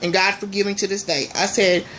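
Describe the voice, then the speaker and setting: A woman vlogger telling a story to her viewers in a lively, repetitive way, often talking straight to them. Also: mid-range voice, a little fast, background noise. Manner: animated, talks straight to viewers, repeats herself. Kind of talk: storytime monologue.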